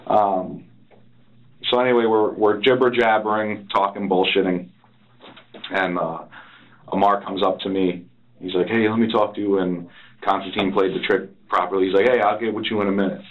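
A man's voice: sits low, level tone, normal speed, long pauses, narrow, tinny audio. A man being interrogated, recounting events in a rambling, profane way and acting out other people's lines. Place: interrogation room.

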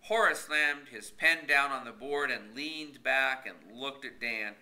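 A man reading a novel aloud for language learners, in clear, unhurried storybook narration. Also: mid-range voice, sharp tone. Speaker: reader for language students.

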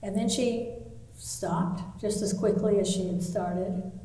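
A woman artist telling a long story in a live talk, pausing often with fillers. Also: medium pitch, fairly even intonation, mellow. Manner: anecdotal, with pauses and fillers. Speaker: artist interviewee. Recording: echoey hall, mic from far off, faint ambience.

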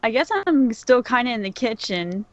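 A woman's voice: fairly high pitch, normal speed, lo-fi sound, a little hiss or hum. A woman narrating her character's actions in a tabletop game, hesitant with many "like" fillers. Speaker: player.

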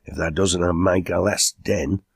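A man's voice: low voice, steady tone, a little slow, gravelly, breathy edge, no echo, clean studio sound, full character voice. A man voicing a blunt, scheming village man who speaks in broad dialect. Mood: gruff.

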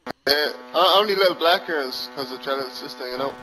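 Bright-voiced jeering man on headset. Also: medium pitch, fairly quick, soft background music, low-quality recording. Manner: mocking, jeering with short jabs. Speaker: player in online voice chat. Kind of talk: heated game chat argument.

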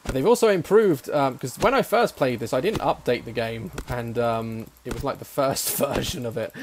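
A young man giving jokey gameplay commentary; excitable, with frequent swearing. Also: mid-range voice, measured pace, a little hiss or hum. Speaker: gaming YouTuber.

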